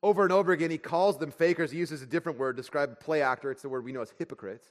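A man's voice: fairly high pitch, very fast, long reverb tail. A man preaching a sermon as pastor, conversational and joking, slipping into everyday voices to make his points.

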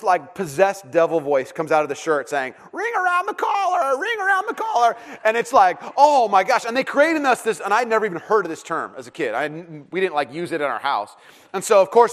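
Preaching in a loose, joking, lively style, a middle-aged pastor with a fairly high-pitched voice fills his sermon with fillers and false starts.

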